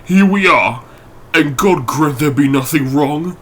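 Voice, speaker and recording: A man's voice: on the high side, lively intonation, measured pace, a bit bright, slightly rough, voice pushed up, exaggerated voice. A man voicing a frightened, loyal middle-aged butler who speaks urgently and pleadingly. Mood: anxious urgent.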